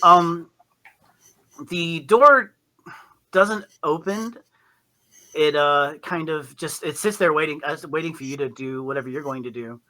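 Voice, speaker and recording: A man's voice: fairly high pitch, measured pace, pauses often, pushed and bright, rough recording. A man narrating a tabletop game as game master, rambling with frequent fillers and restarts.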